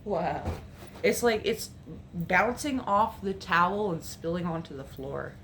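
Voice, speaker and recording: Low-voiced woman vlogging with a light Appalachian accent. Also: animated, measured pace, noisy background. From New Jersey, raised in North Carolina and Virginia. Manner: rambling, matter-of-fact, thinks aloud. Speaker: makeup vlogger. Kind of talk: casual chatty vlog. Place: home room.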